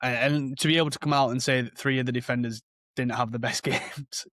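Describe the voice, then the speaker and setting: A man's voice: mid-range voice, fairly even intonation, fairly quick, a bit bright, dry recording, clean studio sound. Easygoing man chatting about football. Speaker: podcast co-host. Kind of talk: casual football chat.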